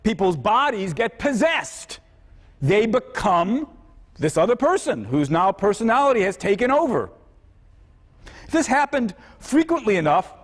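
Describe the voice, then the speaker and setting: A male philosophy lecturer talks to a class in a high, lively voice that rises and dips with every point. He thinks aloud and keeps turning questions back to the students. The sound carries a long reverb from the lecture hall.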